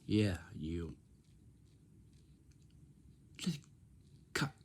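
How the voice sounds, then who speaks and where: A man's voice: low-pitched, sing-song, drawn-out words, a little hiss or hum. A man talking casually in a rambling way, repeating himself and coaxing his listener with questions. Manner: repetitive, coaxing questions with many restarts.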